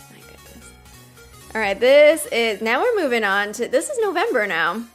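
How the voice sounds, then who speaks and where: A woman's voice: a little high, sing-song, moderate pace, soft background music. A woman streaming a mobile game live, chatting casually, giggling often and reading game dialogue aloud.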